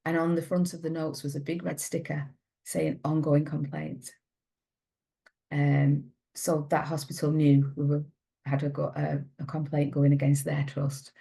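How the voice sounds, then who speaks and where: A middle-aged woman, a mother, giving an earnest, halting personal account in an interview. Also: low-pitched, little pitch movement, vocal fry, dark tone. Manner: earnest, halting, with many restarts. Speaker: mother of a patient, interview guest.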